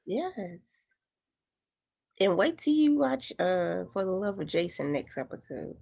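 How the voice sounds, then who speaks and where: A woman's voice: medium pitch, sing-song, unhurried, creaky, warm tone. A woman co-hosting a casual TV review, chiming in with dry, brief remarks. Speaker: co-host.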